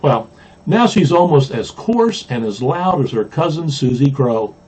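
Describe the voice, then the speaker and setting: Mellow, husky-voiced pastor reading a story. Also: male voice, mid-range voice, expressive, unhurried. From Mississippi. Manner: gently humorous, chuckling at the jokes. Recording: dull lo-fi recording.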